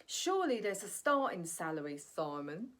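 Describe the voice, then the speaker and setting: A woman's voice: fairly low pitch, big pitch swings, normal speed, fairly bright tone. A woman vlogging in a chatty, ranting monologue, often tossing in "right?" asides. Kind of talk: casual opinion monologue.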